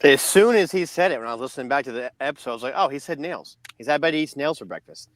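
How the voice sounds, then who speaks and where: Rapid-fire and expressive, this medium-pitched man co-hosts a podcast and rambles through a long story casually, restarting again and again. The recording is dry.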